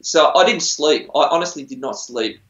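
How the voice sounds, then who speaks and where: A man's voice: a little high, lively intonation, moderate pace, a bit bright. Aussie guy rambling through a story, a bit muffled, echoey room. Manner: rambling, chatty, self-deprecating. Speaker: musician on a TV singing show. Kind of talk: casual interview storytelling. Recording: roomy, dull lo-fi sound.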